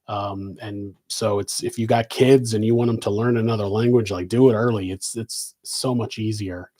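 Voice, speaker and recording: A middle-aged man with a low, warm, steady voice at normal speed hosts a live Q&A stream from his home office. Answering viewer questions, he rambles loosely and meanders, restarting sentences often.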